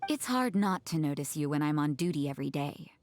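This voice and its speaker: A woman's voice: low-pitched, lively intonation, a little fast, a little mellow, slight background noise. A woman voicing an aloof, curt female guard in a video game. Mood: cool.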